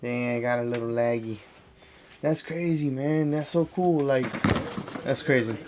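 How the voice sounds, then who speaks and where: A man's voice: medium pitch, a little slow, noisy background. Laid-back man reacting to streams. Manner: laid-back, exclaims and talks to himself between clips. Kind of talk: livestream reaction commentary.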